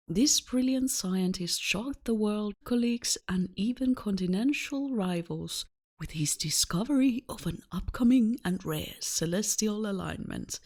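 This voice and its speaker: A woman's voice: medium pitch, darkish tone. A woman putting on a vintage newsreader voice to read a newspaper article aloud formally. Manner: formal, declamatory reading.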